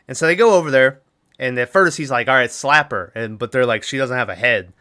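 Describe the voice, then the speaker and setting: Man, podcast host, bright voice, casual movie recap, acts out lines. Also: mid-range voice, normal speed. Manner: animated retelling with laughs, acts out characters' lines.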